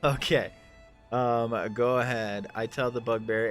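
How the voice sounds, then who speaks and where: A man's voice: mid-range voice, fairly even intonation, a little slow, faint music behind. A man narrating a tabletop game as game master in a loose, rambling way, full of ums and restarts.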